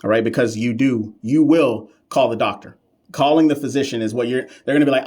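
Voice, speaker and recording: A man's voice: mid-range voice, a little fast, a little mellow. A man runs a live-stream lesson on nursing exam questions. He is sassy and playful, answers viewers' comments directly, and leans on slang and emphatic repetition to drive points home. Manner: sassy, playful, talks back to chat.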